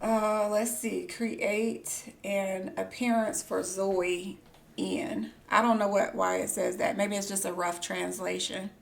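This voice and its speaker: A woman streaming a game live, reading on-screen text aloud and breaking into excited squeals. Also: medium pitch, slow, vocal fry. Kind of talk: live gameplay commentary.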